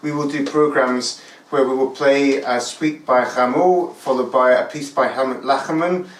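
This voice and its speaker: A man's voice: mid-range voice, fairly even intonation, moderate pace. A man, an orchestral musician and course tutor, leads a casual online talk with friendly questions. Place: room in rural France. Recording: roomy, distant mic.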